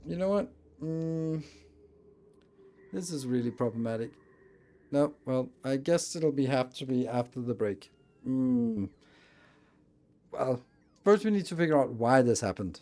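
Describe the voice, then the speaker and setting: A man's voice: fairly high pitch, measured pace, pauses often, dark tone, a little hiss or hum. A man streaming a building game, thinking aloud and muttering as he plays. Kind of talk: casual live-stream commentary.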